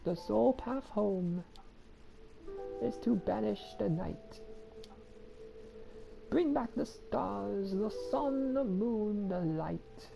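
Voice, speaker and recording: A kindly old woman sage speaks in slow, hushed, solemn tones, as a woman puts her on while reading game dialogue. The voice sits a little higher and quieter than plain talk, with a gravelly edge and faint music behind. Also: animated, full character voice, rough recording. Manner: slow, soft, solemn delivery.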